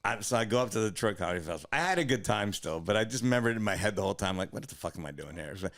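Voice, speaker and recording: A man's voice: lowish voice, lively intonation, fairly bright tone. A man co-hosting a comedy podcast, telling long rambling profane stories in casual chat. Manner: rambling, profane, quick storytelling.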